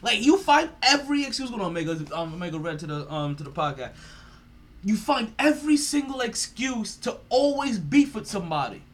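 A man's voice: high-pitched, sing-song, brisk, a bit bright. A man hosting a sports podcast, ranting in a profane, mocking way and laughing often. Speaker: podcast host.

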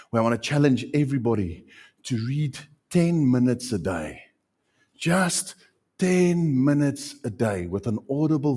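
A man preaching a sermon as pastor, animated and repeating phrases for emphasis. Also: mid-range voice, slightly rough.

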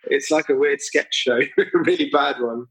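A man talking casually on a podcast about his art projects, relaxed and quick to laugh. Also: medium pitch, poor audio. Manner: laid-back, chuckles, jumps in with asides. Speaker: artist guest.

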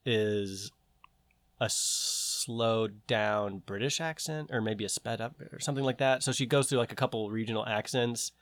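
A man with a lower voice chats casually and eagerly, voicing firm opinions. The recording is dry and close, with no reverb. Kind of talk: casual chat.

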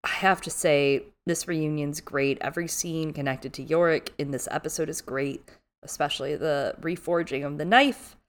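A woman co-hosting a podcast recaps a series in a casual, animated way. Her voice sits a little low. She keeps breaking into playful impressions of the characters as she talks. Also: normal speed. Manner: animated, acts out characters' lines in big voices. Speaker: podcast co-host. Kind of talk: casual chat, recapping a TV show.

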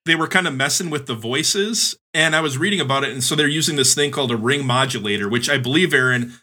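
A man's voice: medium pitch, quick pace, pushed and bright. A man co-hosting a music podcast, chatting casually and hedging his points with lots of "like". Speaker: podcast co-host presenting a list. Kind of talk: casual chat. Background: music playing.

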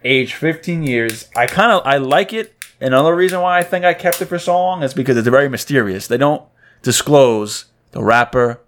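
A man's voice: mid-range voice, expressive, moderate pace. Laid-back man chatting. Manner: laid-back, swears casually. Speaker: podcast co-host. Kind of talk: casual chat.

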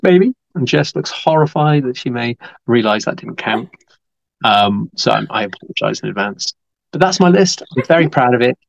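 Gravelly man, dry dull recording. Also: mid-range voice, no room sound. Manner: playful, teasing. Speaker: podcast co-host. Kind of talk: casual chat.

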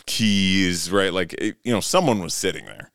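Man, very deep voice, smooth and clear, dry close sound, rambling profane storyteller. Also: normal speed, fairly bright tone, no room sound. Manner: rambling, profane, laughing anecdote. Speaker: podcast co-host. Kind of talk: casual storytelling.

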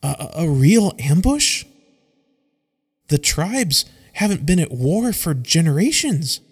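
A frightened young warrior girl from a storybook, as a man puts her on, pitched high and stumbling over her words between gasps. Her voice keeps a gravelly grain, and it rings with a long hall reverb. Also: very animated, slow pace, full character voice. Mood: nervous. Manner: shaky, stammering, out of breath. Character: young female warrior trainee, panicky, breathless.

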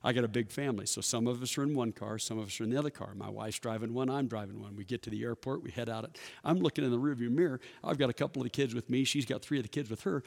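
A man's voice: mid-range voice, rapid-fire, gravelly, few pauses. Folksy man telling stories in a reverberant hall. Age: 50s. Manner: folksy, conversational, acts out quoted dialogue. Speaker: church workshop speaker. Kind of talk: personal storytelling talk. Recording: long reverb of a large hall.

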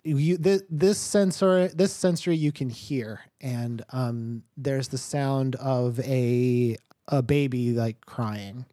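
A man's voice: medium pitch, fairly even intonation, slow, hardly any pauses, dark tone, dry recording, clean studio sound. A man running a tabletop game as game master, narrating in a meandering way with lots of fillers.

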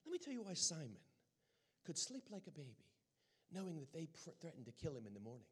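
A man's voice: on the high side, wildly swooping pitch, fast, breathy edge, pitched above the performer's own voice, full character voice. A man voicing a small, elderly British missionary woman who fervently calls her listeners dear brother. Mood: earnest.

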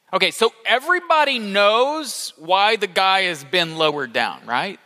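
Man, preacher, very high voice, bright tone, lively storytelling, acts out characters. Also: moderate pace, few pauses, in a large hall. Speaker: pastor. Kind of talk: sermon.

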